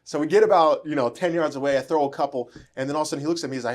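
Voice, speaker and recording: A man telling a story in casual conversation, animated and laughing, acting out the dialogue. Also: fairly high pitch, racing.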